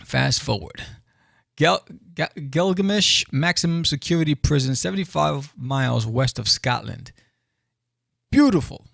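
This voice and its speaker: A man hosting a podcast, casually reviewing a comic book with excitable, exclamatory commentary and playful asides. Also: on the high side, measured pace, vocal fry, no room sound, studio quality.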